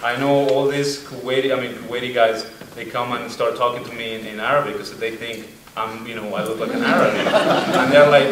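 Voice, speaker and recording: A man's voice: medium pitch, fairly quick. Laughing accented man, echoey far mic. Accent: non-native accent. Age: young adult. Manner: animated, laughing, acts out voices in anecdotes. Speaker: student veteran panelist. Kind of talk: casual storytelling at a panel. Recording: echoey room, mic far off, faint noise.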